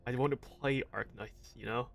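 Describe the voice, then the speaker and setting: A man's voice: medium pitch, fairly even intonation, normal speed, gravelly, soft background music. Casual man commenting on a game. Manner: casual, self-mocking, stumbles over lines. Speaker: gaming streamer. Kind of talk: let's play commentary, reading game dialogue aloud.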